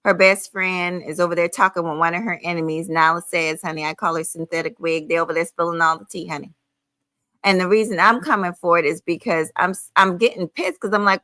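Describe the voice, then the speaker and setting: Profane, confrontational woman with a bright, tense voice. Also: on the low side, a little fast, no room sound. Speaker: livestream host. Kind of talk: angry livestream rant.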